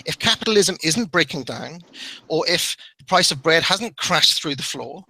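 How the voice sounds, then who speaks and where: A man's voice: a little high, animated, moderate pace, bright, forceful tone, no echo, poor audio. A man arguing in a heated debate, exasperated and cutting in again and again to get his turn. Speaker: debater attacking a theory.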